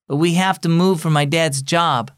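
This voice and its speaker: Man doing a sorrowful boy, shaky-voiced, storybook radio, pitch raised. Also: moderate pace, clear, resonant tone, no room sound, studio quality, close to an everyday voice. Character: sad boy who is moving away.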